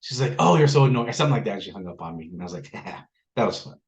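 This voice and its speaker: A man's voice: sits low, expressive, rapid-fire, rough recording. A man hosting a casual group discussion, telling jokey stories and asking for questions. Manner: joking storyteller. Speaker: notary meetup host.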